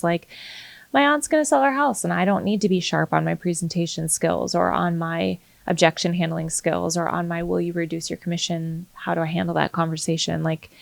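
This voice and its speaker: A woman real estate agent co-hosting a podcast, talking fast in casual chat. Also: fairly low pitch, creaky, no room sound.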